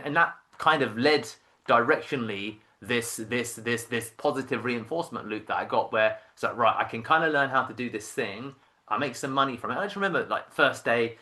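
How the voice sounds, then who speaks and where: Lively man telling stories. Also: medium pitch. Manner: animated storyteller who acts out quoted voices, many restarts. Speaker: entrepreneur, podcast guest. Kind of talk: casual storytelling interview.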